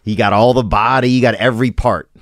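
A man hosting a podcast in a relaxed way, agreeing easily and laughing along with his guest. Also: mid-range voice, dry recording, studio quality. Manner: laid-back, agreeable, quick to laugh. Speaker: podcast host. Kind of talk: casual chat.

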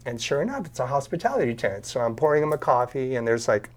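Speaking quickly in a mid-range voice, this man is a podcast guest recounting a story over a video call. He animatedly performs the quotes, giving each person in the tale their own voice.

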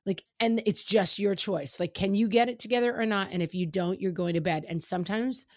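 A middle-aged woman chatting frankly about parenting, quoting her kids in quick asides. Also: medium pitch, no room sound, clean studio sound. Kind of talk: casual chat about parenting.

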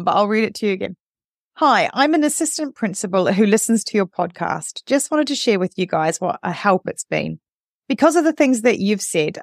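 A woman's voice: mid-range voice, no room sound. A woman hosting a podcast in casual chat, her voice sitting in an ordinary middle register. She reads aloud with audible emotion, choked up and teary. The sound is dry and close to the mic. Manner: emotional, choked up while reading. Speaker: podcast host.

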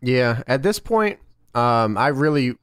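A man's voice: medium pitch, animated, slow pace, clean tone, no echo, studio quality. A man co-hosting a casual podcast, chatting with laughter and joking impressions. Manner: laughing, mocking, does silly impressions. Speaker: podcast co-host. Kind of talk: casual chat recapping wrestling.

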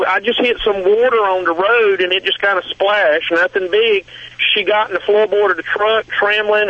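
A man with a Southern US accent calls in, his voice bright and fairly high. He speaks haltingly and pauses often to find his words. The call comes through dull and muffled, like a phone line over the radio. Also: no echo. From American South. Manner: halting, hesitant, with many fillers. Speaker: caller.

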